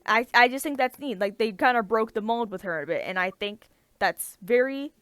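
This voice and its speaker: Brief: young woman, casual co-host, slightly high voice, dry close recording, rambling enthusiasm. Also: expressive, normal speed, a bit bright, clear, resonant tone, no room sound. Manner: rambling, filler-heavy, enthusiastic. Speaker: podcast co-host. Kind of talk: casual chat.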